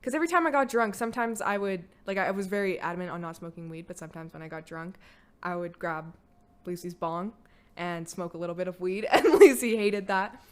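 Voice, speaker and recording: A woman's voice: on the low side, fairly quick, clear, resonant tone. A young woman telling her own story on a podcast, candid and casual, full of "like" fillers and blunt swearing. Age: young adult. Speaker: podcast guest, host's daughter.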